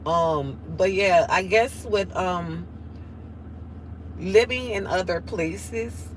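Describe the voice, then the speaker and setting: A woman's voice: on the low side, drawn-out words, a little hiss or hum, poor audio. A nasal-voiced woman with a New Orleans accent chatting casually on a livestream, reading out viewer comments in a drawling way. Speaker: livestream host.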